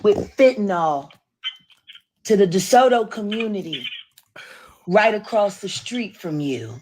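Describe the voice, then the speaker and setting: An insistent woman speaks slowly and deliberately on a phone call. She lists grievances and presses with pointed questions. Faint noise runs under the line. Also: mid-range voice, animated, a little mellow. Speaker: caller.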